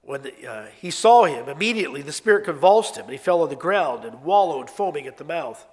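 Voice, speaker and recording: Male preacher, sermon, high voice, very animated pitch, emphatic. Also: a little fast. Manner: expressive, conversational storytelling with emphatic swings. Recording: long hall reverb.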